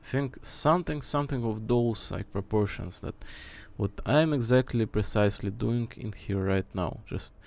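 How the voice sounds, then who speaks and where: Gravelly man in his twenties, rambling. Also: on the low side, moderate pace, few pauses, darkish tone. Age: 20s. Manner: rambling, hesitant, thinking aloud with many fillers. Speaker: streamer. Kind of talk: casual chat.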